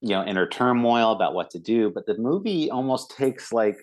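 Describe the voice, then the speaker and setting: A man's voice: medium pitch, lively intonation, moderate pace, low-quality recording. A man co-hosting a movie review podcast, talking casually with many fillers and acting out quoted lines. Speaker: podcast co-host.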